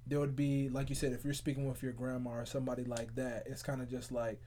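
A young man from Charlotte, North Carolina, co-hosting a podcast in a relaxed, rambling chat full of "like" fillers. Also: mid-range voice, fast talker. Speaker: podcast co-host. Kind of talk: casual chat.

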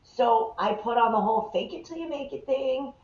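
A woman guest in a podcast interview, telling a story in a lively, animated way and acting out the people in it. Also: a little high, normal speed. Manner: animated, acts out the people in her stories. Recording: roomy, slightly dull sound.

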